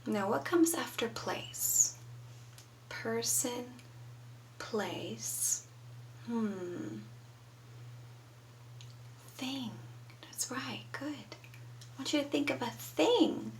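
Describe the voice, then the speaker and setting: A woman's voice: fairly high pitch, lively intonation, very slow, vocal fry, pauses often, distant mic, a little hiss or hum, poor audio. A woman teaching young children from home, patiently prompting them to answer. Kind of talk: children's lesson.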